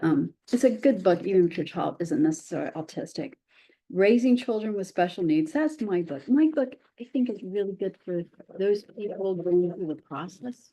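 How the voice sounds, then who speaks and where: With a lowish, warm voice, a middle-aged woman talks to parents in a chatty presentation. She is a parent of a child with special needs and often adds "right?" asides and self-deprecating jokes.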